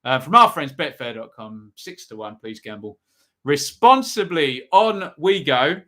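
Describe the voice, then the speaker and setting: A man's voice: medium pitch, animated, a little slow, sharp tone. A man hosting a live football predictions stream, chatting casually and reading out viewers' comments. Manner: chatty, upbeat, reads out chat comments.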